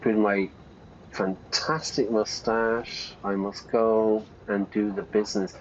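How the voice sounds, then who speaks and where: A man's voice: fairly low pitch, little pitch movement, slow pace, a little hiss or hum. A man, an English teacher, casually commenting on a game while explaining vocabulary, with jokey, playful asides. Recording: dull lo-fi sound.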